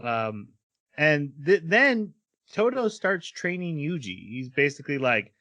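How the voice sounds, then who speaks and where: A man's voice: fairly high pitch, sing-song, measured pace, sharp tone. A man hosting a casual anime podcast, recapping episodes and laughing often. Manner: laughs often while recapping plot, acts out quotes. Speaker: podcast host.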